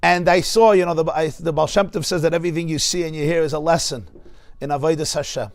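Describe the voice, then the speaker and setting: A man's voice: fairly high pitch, steady tone, fast. A man with a New York accent, a rabbi giving a Torah class in a study hall, emphatic and repeating words for stress.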